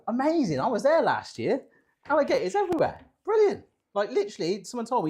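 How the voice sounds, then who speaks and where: A British man hosts a live cooking stream in a relaxed, chatty way. He jokes, teases himself and reads out comments from viewers. His voice rises and falls a lot as he talks. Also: on the high side, a little fast. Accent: British English. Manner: chatty, jokey and self-deprecating, reading viewer comments. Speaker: cooking show host.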